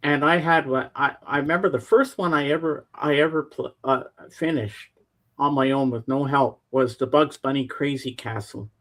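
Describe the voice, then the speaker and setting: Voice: mid-range voice, moderate pace. A co-host in casual chat, reminiscing and telling stories. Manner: storytelling, reminiscing.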